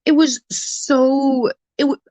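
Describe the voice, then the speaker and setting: A woman's voice: sits high, fairly even intonation, takes it slowly, dark tone, no room sound. Exasperated woman ranting on a livestream. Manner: exasperated, ranting, swears freely. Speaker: live streamer reading chat comments. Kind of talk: casual livestream rant.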